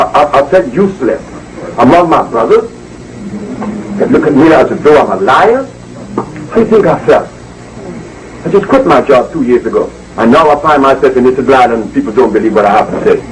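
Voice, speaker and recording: A man's voice: mid-range voice, distant mic, slight background noise, poor audio. A man giving an emphatic, preachy lecture to a live audience, repeating words for force. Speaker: speaker addressing an audience. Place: indoor evening gathering.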